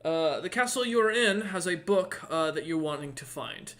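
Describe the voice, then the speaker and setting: A man voicing a cryptic female seer who gives measured advice. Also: on the high side, lively intonation, a bit bright. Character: cryptic mystic woman seer.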